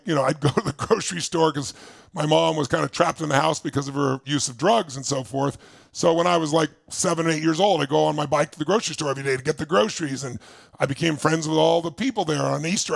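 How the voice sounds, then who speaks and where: An older man giving a motivational stage talk, telling his story with intensity, jumping between loud bursts and quiet asides. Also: on the high side, gravelly, no room sound. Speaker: motivational speaker.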